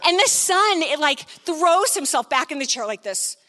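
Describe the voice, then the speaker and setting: Bright-voiced woman telling a church story. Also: sits high, moderate pace. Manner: animated, acts out the scene; frequent filler "like". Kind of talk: sermon storytelling.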